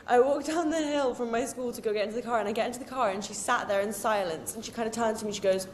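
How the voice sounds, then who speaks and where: A woman's voice: on the high side, a little mellow, slight background noise. A young woman in her twenties, a podcast guest telling a story with laughter and lots of "like". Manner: quick, laughing, uses a lot of "like". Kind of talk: casual storytelling chat.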